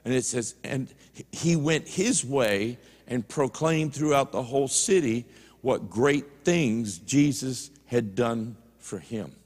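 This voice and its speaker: A man's voice: mid-range voice, takes it slowly, darkish tone, big-room sound. A man preaching a sermon in a church, telling stories in a folksy way and retelling conversations line by line. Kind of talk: sermon storytelling. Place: church sanctuary.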